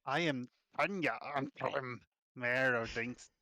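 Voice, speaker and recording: Calm half-orc mayor voiced by a man, measured and dry, tabletop game. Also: mid-range voice, clear, resonant tone, no echo.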